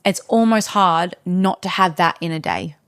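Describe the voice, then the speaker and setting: A woman's voice: on the low side, normal speed, smooth, dry recording, studio quality. A woman talking as a podcast guest in a casual interview, candid and frank as she tells stories.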